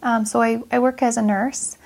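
A woman's voice: fairly high pitch, level tone, moderate pace, creaky, darkish tone. A woman nurse earnestly sharing a personal faith story in a casual chat, reflective and full of fillers.

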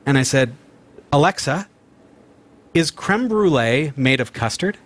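A man's voice: mid-range voice, expressive, a little slow, a bit bright. A man hosting a casual chat, talking in an upbeat, chatty way and often restarting his sentences as he demonstrates gadgets. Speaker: host demonstrating smart speakers.

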